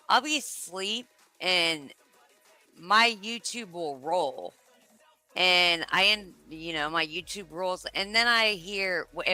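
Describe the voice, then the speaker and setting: A woman's voice: on the low side, sharp tone, smooth, no room sound. A woman hosting a casual livestream, rambling and swearing, poking fun at herself while talking into a desk microphone. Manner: rambling, profane, self-mocking. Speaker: livestream commentary host.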